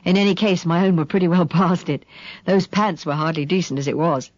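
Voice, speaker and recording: Give me a woman playing a steady, soothing young man with a lowered voice, dry and close. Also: brisk, dry recording, lo-fi sound, natural voice. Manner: calm, gentle and reassuring. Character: steady protective young Englishman.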